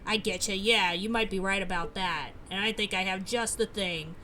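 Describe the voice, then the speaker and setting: A woman's voice: medium pitch, normal speed, bright, forceful tone, a little hiss or hum, natural voice. Woman reading as a cocky young street punk. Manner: gruff, slangy tough talk.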